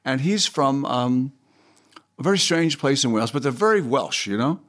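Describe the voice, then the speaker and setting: A man's voice: medium pitch, animated, normal speed, a bit bright. An older man chats as an interview guest, his voice bouncing up and down as he tells his stories. He stumbles over his words, doubling them up, and slips into snatches of song. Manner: rambling, repeats words, breaks into sung snippets. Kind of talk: animated storytelling.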